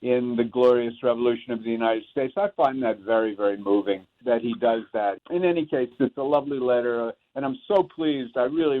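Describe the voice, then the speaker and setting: Actor guest, reflective and halting, sounds like he's on the phone. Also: mid-range voice. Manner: thoughtful, halting restarts. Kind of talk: reflective interview talk. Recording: tinny phone-like line.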